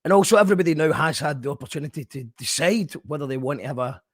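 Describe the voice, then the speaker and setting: A man's voice: on the high side, expressive, racing, no echo. Hesitant male radio host, dry sound. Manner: hesitant, many fillers and restarts. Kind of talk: casual radio chat.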